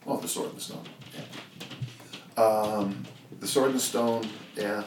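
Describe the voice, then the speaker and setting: Deep-voiced older man, echoey and distant. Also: steady tone, measured pace, slight background noise. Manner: rambling, lots of restarts and "you know". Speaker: strength coach and guest. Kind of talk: casual interview storytelling. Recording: echoey room, off-mic, faint ambience.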